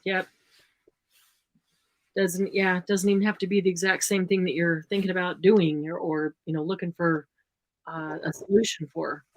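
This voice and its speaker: Relaxed woman chatting on a live stream. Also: lowish voice, no room sound. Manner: relaxed, rambling, warm sign-offs. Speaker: host of a live craft stream. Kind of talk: casual live-stream chat.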